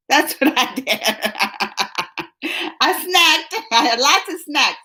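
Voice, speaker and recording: A woman hosting a live stream, chatting casually with her viewers. She is emotional and laughs often, going from giggly to soft and earnest. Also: high-pitched, big pitch swings, slow pace, pauses often. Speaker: reaction channel host reading live chat.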